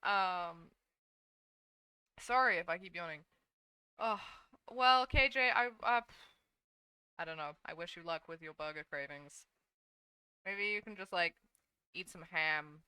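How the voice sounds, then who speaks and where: A woman's voice: on the low side, measured pace, long pauses, pushed and bright, clear, resonant tone, dry recording. A young woman streaming as a VTuber, chatting casually and sleepily with her viewers while she draws, swearing now and then. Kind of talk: casual live-stream chat while drawing.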